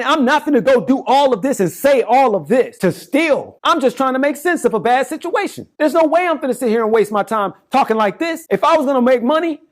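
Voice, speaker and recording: High-voiced man in his forties, fervent. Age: 40s. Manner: fervent, rambling, speaks in slangy casual speech with many restarts. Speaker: self-styled political campaigner. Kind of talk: impassioned direct-to-camera monologue.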